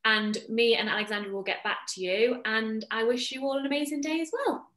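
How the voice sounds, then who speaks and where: A woman's voice: on the high side, brisk, a bit bright. A woman hosting a podcast, chatting casually and gushing with compliments for her guest. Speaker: podcast host. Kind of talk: casual interview chat. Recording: roomy echo.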